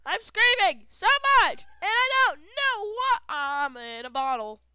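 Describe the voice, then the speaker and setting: A woman giving playful, shouty gameplay commentary full of silly chanted sound effects. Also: very high voice, very animated, unhurried, no room sound. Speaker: gaming video creator.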